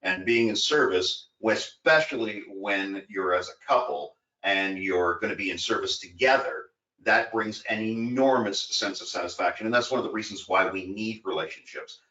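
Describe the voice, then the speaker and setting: A man's voice: lowish voice, moderate pace, pushed and bright. A man co-hosting a casual talk, telling stories earnestly and rambling a bit with fillers. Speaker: co-host. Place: home in Florida. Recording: echoey distant lo-fi recording.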